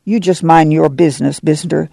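A man voicing a weary, steady mother of a poor migrant family, talking in a folksy rural dialect, firm and quiet. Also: sits low, moderate pace, vocal fry, no room sound.

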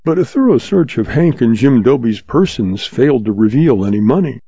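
A man narrating a western story in a steady, measured reading. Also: mid-range voice, breathy edge, no echo. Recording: dull lo-fi sound.

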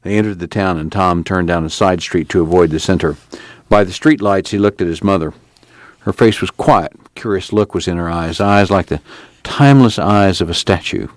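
Deep-voiced man reading a novel aloud. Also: normal speed, no room sound. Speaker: radio book reader. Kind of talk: literary reading on radio.

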